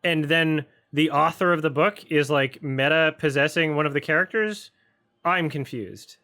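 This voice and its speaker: A man's voice: fairly high pitch, normal speed, bright, forceful tone. A man casually commenting while watching a film, mumbling asides and puzzled questions between snacks. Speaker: film reviewer hosting a watch-along.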